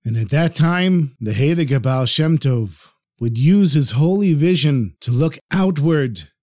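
Expressive male storyteller. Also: a little high, a little slow. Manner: animated, expressive storytelling, explains terms as he goes. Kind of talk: storytelling narration.

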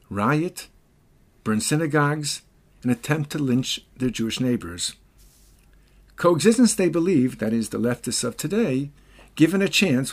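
A man's voice: on the high side, a bit bright. Emphatic male history commentator. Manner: emphatic, dramatic storyteller. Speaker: podcast host. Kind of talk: scripted commentary and storytelling.

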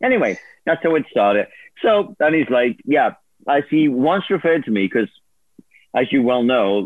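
Animated man on a tinny line. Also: mid-range voice, normal speed, dry recording. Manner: animated, laughing, acts out others' voices. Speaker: guest, former producer turned on-air host. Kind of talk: casual storytelling interview. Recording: dry tinny phone-like line.

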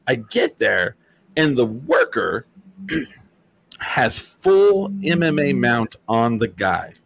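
Animated, swearing male storyteller. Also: medium pitch, slow, vocal fry, no echo. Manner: animated, profane storytelling with acted-out quotes. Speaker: host. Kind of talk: casual storytelling chat.

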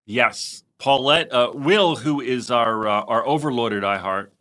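A man hosting a podcast, talking in relaxed, chatty casual conversation. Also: mid-range voice, unhurried. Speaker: podcast host. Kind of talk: casual chat.

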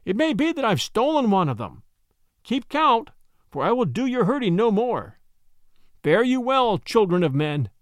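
A man's voice: high voice, sing-song, normal speed, dry recording, clean studio sound. A man voicing a proud, defiant boy raised by wolves, speaking boldly and scornfully. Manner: bold, scornful.

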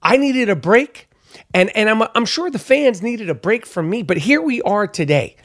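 A man's voice: high-pitched, lively intonation, moderate pace, a bit bright. A man hosting his podcast, telling a story as a casual rant, swearing a lot and repeating himself for emphasis. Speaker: podcast host.

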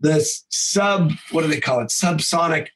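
This voice actor, who also teaches improv, is animated and profane in a casual podcast interview, quickly shifting into different voices. He sounds a little high, and the recording is low quality.

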